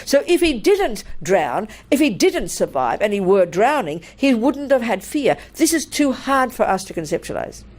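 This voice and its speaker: An older woman, a Buddhist nun, giving a dharma talk in a blunt, animated way and laughing through her stories. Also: on the high side, normal speed, hardly any pauses.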